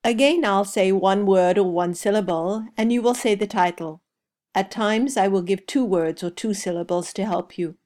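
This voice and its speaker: A woman leading a listen-and-repeat pronunciation drill, saying each word slowly and clearly. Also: medium pitch, darkish tone. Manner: slow, deliberate, clearly spaced words. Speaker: language teacher. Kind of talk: slow scripted pronunciation drill.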